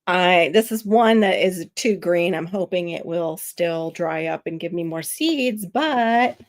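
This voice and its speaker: A woman's voice: lowish voice, unhurried, dry recording, studio quality. A woman from Florida with a nasal voice hosts a casual gardening livestream, chatting with viewers and answering their comments aloud. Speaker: livestream host.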